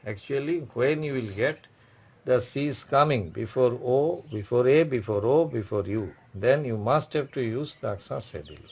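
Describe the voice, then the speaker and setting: Gravelly-voiced man teaching a class. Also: mid-range voice, darkish tone. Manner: repetitive, explains slowly with many restarts. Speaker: French teacher. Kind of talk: classroom lecture.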